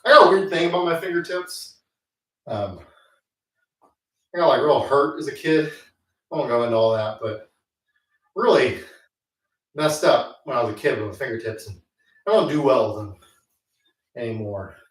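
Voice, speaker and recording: A man's voice: medium pitch, expressive, moderate pace, long pauses, a bit bright. A man telling a rambling, self-mocking story with many fillers, chatting casually between sets at the gym. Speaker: host. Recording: echoey room, mic at a distance.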